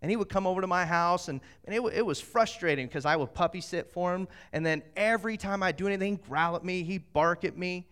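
Man, middle-aged, pastor, sermon, animated storyteller, a touch high-pitched. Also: fast talker, hardly any pauses, smooth. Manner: animated storytelling, acts out quotes.

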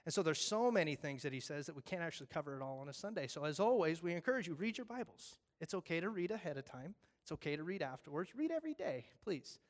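Man preaching a lively casual sermon. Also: fairly high pitch, fast, few pauses. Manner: animated storytelling, acting out voices; conversational, jokey asides. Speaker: pastor.

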